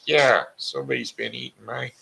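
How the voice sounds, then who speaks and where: A man voicing an excitable little male baby bear in a storybook reading, with high, squealing complaints. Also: moderate pace, vocal fry, slight background noise. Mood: indignant.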